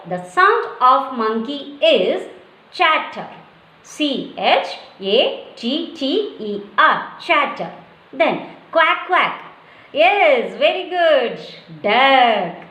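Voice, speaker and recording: A woman leads a lesson for small children in a very slow, deliberate call-and-response. She spells each word out letter by letter for the class to repeat. Her voice sits high, and the room around her is noticeably echoey. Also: fairly bright tone. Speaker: teacher.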